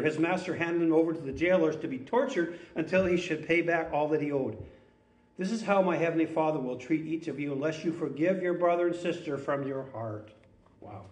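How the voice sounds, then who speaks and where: Earnest male pastor in an echoey room. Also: on the high side. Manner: earnest, conversational preaching with lively scripture reading. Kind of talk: sermon.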